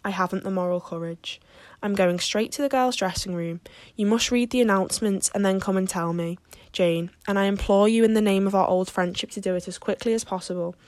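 A woman's voice: mid-range voice, a little fast, darkish tone, no room sound, lightly acted. A woman reading the lines of an earnest, ambitious teenage girl who speaks in an impassioned, wordy way. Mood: anxious.

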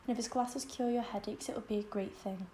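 A woman's voice: on the high side, brisk, warm tone, a little hiss or hum, close to an everyday voice. A woman reading an audiobook, voicing an earnest, eager teenage girl who sounds anxious and tender. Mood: brave. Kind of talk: audiobook character voice.

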